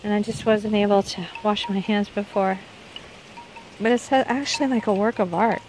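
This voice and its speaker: A woman's voice: mid-range voice, moderate pace, a little mellow. Woman, middle-aged, casual garden vlog, rambling, outdoors, faint background noise. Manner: rambling, chatty, self-correcting. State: unwell, with hiccups. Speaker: vlogger showing her garden.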